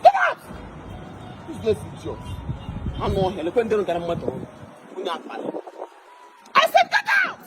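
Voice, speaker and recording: A man's voice: high-pitched, wildly swooping pitch, brisk, long pauses, very noisy. A man playing a bossy rich woman who dismisses her driver in a comedy skit. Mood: angry. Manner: haughty, dismissive, cooing to a lover. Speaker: employer.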